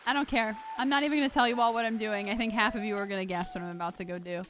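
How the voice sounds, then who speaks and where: A young woman streaming a video game live, chatting casually to her viewers with excitable, loud outbursts. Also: medium pitch, very fast, hardly any pauses. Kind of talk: casual live-stream chat while gaming. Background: game music.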